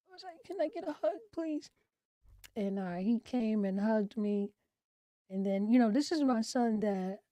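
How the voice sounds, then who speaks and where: A middle-aged woman hosts a mental health talk from home, her medium-pitched voice free of echo. She shares a personal story candidly and reflectively, with soft trailing asides.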